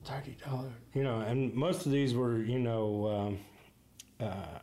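A man's voice: medium pitch, slow, dark tone. Laid-back man telling a story. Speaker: podcast co-host. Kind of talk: casual chat.

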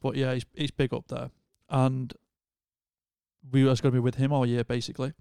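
Casting: young Wigan man, gravelly but smooth, relaxed slangy podcast chat, dry sound. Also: mid-range voice, moderate pace, no echo. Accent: Northern English, Wigan. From Wigan, England. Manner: laid-back, chatty, lots of slang. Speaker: touring crew member, podcast guest. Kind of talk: casual chat.

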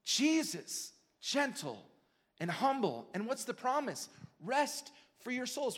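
High-voiced preacher in a reverberant church. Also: male voice, very animated, takes it slowly. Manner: swings from quiet intimate teaching to loud passionate exhortation. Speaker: pastor. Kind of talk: sermon. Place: church sanctuary. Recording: long hall reverb.

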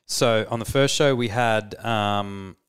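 Smooth-voiced Australian man chatting. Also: on the low side, slow, fairly bright tone. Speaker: touring musician, podcast co-host. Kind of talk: casual storytelling chat.

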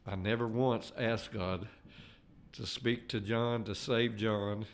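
An older man with a drawl tells his personal testimony in a fairly low voice. He is earnest and unpolished, stumbling and restarting his sentences as he goes. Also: fairly even intonation. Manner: earnest, halting with frequent restarts. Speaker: layman giving a faith testimony.

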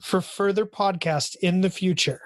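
A man's voice: high voice, moderate pace, no echo. A man hosting a podcast in casual chat, enthusiastic and chatty, with lots of filler words. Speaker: podcast host.

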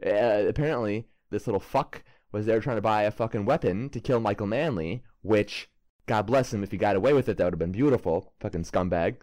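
A man's voice: lowish voice, a little fast, darkish tone, lightly acted. A man voicing a brash, swaggering male investigator with a put-on New York accent who swears a lot. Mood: blustering.

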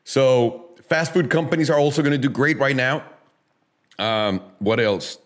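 A man's voice: medium pitch, measured pace. A man hosting a casual talk show, ranting emphatically with profanity, sarcasm and rhetorical questions. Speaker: podcast host. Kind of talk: casual opinionated chat.

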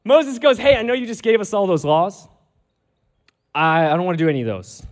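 Animated high-voiced male preacher. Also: a little fast. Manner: animated storytelling, acting out dialogue, emphatic. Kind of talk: sermon.

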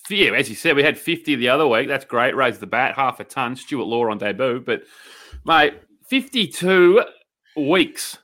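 Brash Australian man, bright voice. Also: medium pitch. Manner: brash, jokey, boastful with slang. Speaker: podcast co-host. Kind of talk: casual podcast banter.

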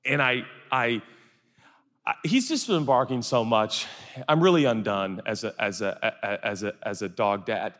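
Animated man preaching in a reverberant hall. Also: lowish voice, unhurried. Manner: animated, acts out voices for comic anecdotes. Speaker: pastor. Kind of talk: sermon storytelling. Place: large hall with audience.

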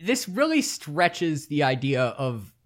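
A man co-hosts a podcast in relaxed chat, teasing his partner as they talk. His voice sits a little high and swings widely in pitch, which keeps him lively and animated. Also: slow pace. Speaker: podcast co-host. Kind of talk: casual chat.

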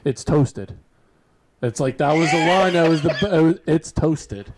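A male podcast co-host with a slightly high voice talks casually. He is loud, emphatic and swears freely. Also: moderate pace, a loud crowd.

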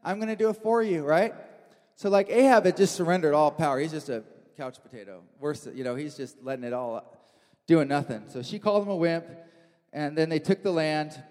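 A man's voice: a little high, lively intonation, moderate pace, darkish tone. A man preaching a sermon in a church hall, telling the story with animation and acting out the quotes.

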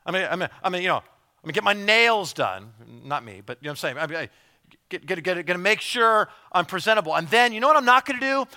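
A male pastor preaching with a bright, forceful tone and a voice pitched a little high. He keeps it chatty and animated, stumbling over repeated words and slipping into acted-out asides. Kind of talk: sermon.

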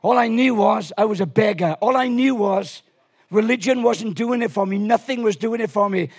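A man preaching a lively sermon in a church, animated and swinging from quiet asides to shouts. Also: high-pitched, normal speed, breathy edge. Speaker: pastor.

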